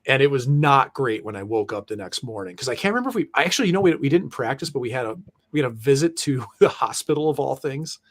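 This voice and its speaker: A man's voice: medium pitch, sing-song, fast. A middle-aged man, a former pro goalie, telling loose, profane stories in casual chat and laughing through them. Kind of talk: casual storytelling.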